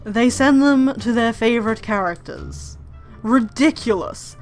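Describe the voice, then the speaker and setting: A woman's voice: fairly high pitch, a little slow, darkish tone, soft background music. A woman voicing a self-important male bird editor-in-chief from a game, complaining in an outraged, pompous tone. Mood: indignant.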